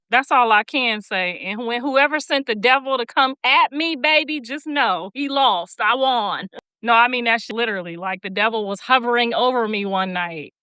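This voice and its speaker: A woman's voice: fairly high pitch, sharp tone, clear, resonant tone, no room sound. A woman hosting a livestream, telling stories bluntly with plenty of profanity and preachy asides, and reading viewer comments aloud. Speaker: livestream host. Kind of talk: casual livestream chat.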